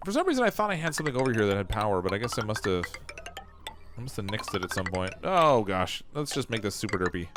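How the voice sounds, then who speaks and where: A man's voice: lowish voice, sing-song, quick pace, music in the background. Canadian man thinking aloud while streaming. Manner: self-mocking, thinks aloud while building. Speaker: game streamer. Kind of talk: casual livestream commentary.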